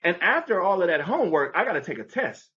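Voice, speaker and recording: Guy guest telling his life story, animated, kinda muffled audio. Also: sits high, quick pace. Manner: animated, acts out the people in his story, conversational fillers. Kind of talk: personal storytelling in an interview.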